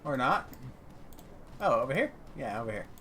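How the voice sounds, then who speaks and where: A man's voice: medium pitch, big pitch swings, normal speed, pushed and bright, soft background music. A man streaming a role-playing game, making offhand joking asides. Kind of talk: casual let's play commentary.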